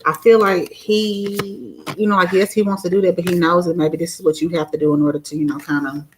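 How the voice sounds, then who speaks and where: Giggly low-voiced woman reading tarot. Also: level tone, fairly quick, a little hiss or hum, poor audio. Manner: chatty, giggly, lots of fillers. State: sore throat. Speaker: tarot reader. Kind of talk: casual live-stream tarot reading.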